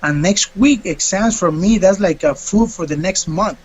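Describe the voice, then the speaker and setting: High-voiced man telling an animated story. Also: moderate pace, slight background noise, rough recording. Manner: animated, acts out quotes. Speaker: fighter interviewed. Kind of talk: casual storytelling.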